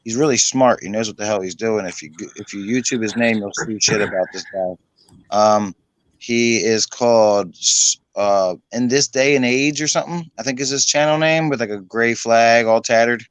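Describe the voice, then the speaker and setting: Rambling, swearing host on a dry mic. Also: male voice, medium pitch, normal speed, no room sound. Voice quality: rambling, swears casually, many fillers. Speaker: host of an online hangout stream. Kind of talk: casual chat.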